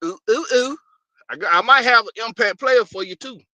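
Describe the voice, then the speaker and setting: A man's voice: extremely high pitch, moderate pace, pushed and bright, no room sound. A man hosting a casual live stream, rambling loosely and greeting viewers by name.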